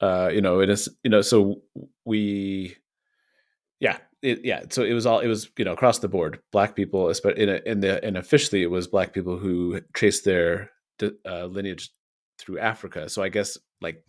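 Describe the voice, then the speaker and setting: A man's voice: low voice, steady tone, normal speed. A man co-hosting a news podcast, explaining earnestly and at length with many restarts. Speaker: podcast co-host. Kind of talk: casual news discussion.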